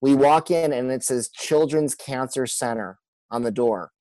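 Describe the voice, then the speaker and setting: A man, a pastor and guest on a podcast, telling a personal story in an earnest, halting way with many restarts. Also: mid-range voice, mellow, dry recording, rough recording.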